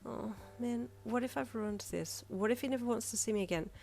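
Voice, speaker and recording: A woman voicing an emotional teenage girl who cries and wails in a high voice in a fan fiction audio reading. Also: a little fast, vocal fry, darkish tone. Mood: panicked. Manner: high, wailing and sobbing. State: crying.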